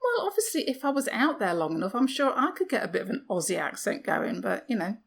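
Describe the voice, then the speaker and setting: Quick and very animated, a woman from the United Kingdom chats on the podcast she co-hosts, pitching her gravelly voice fairly high. She drops self-deprecating remarks and rhetorical questions, with slight background noise audible.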